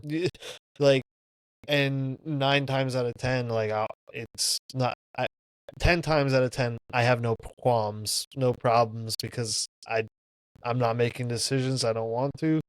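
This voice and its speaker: A man co-hosting a podcast, chatting casually, halting and repeating himself with frequent fillers. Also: mid-range voice, fairly even intonation, clean tone, no room sound, low-quality recording. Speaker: podcast co-host. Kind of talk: casual chat.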